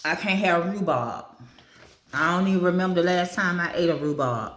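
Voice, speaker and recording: This woman has a lowish, fairly bright voice and talks at normal speed. Eating breakfast for her vlog, she casually reads through a food list and remarks on it, often with her mouth full, recorded in an echoey room.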